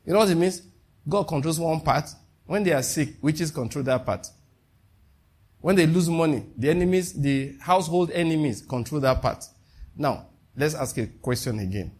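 A man's voice: on the high side, normal speed, a little mellow, breathy edge. A man preaching a sermon, firing rhetorical questions at his listeners and laughing at his own jokes.

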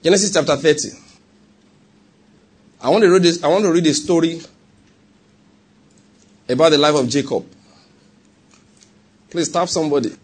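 A preacher with a Nigerian accent delivers a sermon in a conversational way, often asking his listeners whether they follow. His voice sits slightly high and has a husky, breathy grain. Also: moderate pace, long pauses. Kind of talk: sermon with personal story.

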